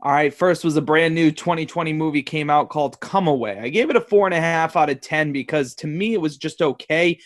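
A man with a slightly raised pitch talks as an enthusiastic podcast co-host, full of laughter and loose filler words. His voice is dry and close to the mic. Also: brisk, hardly any pauses, dry recording. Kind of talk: casual podcast chat.

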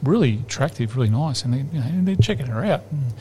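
A man's voice: mid-range voice, fast talker, a little hiss or hum. A man, a podcast host telling a long rambling joke in casual chat. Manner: rambling, lively, laughs at his own joke.

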